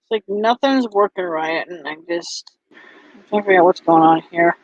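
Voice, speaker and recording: Woman vlogger, casual and halting, lots of ums; dry, muffled recording. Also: fairly low pitch, no room sound. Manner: halting, full of ums and restarts. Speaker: vlogger and bracelet seller. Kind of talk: casual chat to camera. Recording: dull lo-fi, dry sound.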